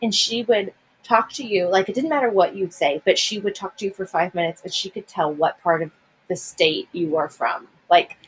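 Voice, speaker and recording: A young woman from the Midwest co-hosting a podcast in casual chat, giggly and animated, often gasping and exclaiming. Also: on the low side, moderate pace, breathy edge, rough recording. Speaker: podcast co-host.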